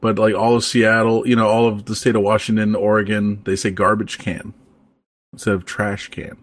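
A man hosting a casual podcast chat, talking in a relaxed, rambling way with plenty of fillers. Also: fairly low pitch, normal speed, no echo. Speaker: podcast host.

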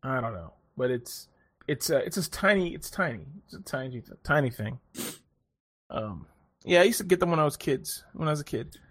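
A man hosting a casual podcast chat, telling stories in an animated way, swearing freely and laughing often. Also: fairly high pitch, moderate pace, breathy edge. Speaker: podcast host.

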